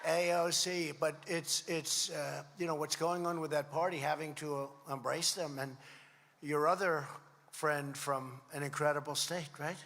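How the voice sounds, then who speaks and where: A man's voice: a little high, steady tone, moderate pace, noisy background. A man in his seventies giving a rambling, repetitive rally speech, telling stories in a conversational way. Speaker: political speaker at a rally. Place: large hall. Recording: long hall reverb.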